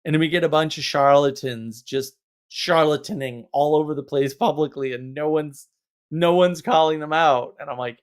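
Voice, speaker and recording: Animated, exasperated man hosting a livestream. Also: a little high, normal speed. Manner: animated, exasperated, rambling with laughs. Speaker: livestream host. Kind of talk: casual livestream chat.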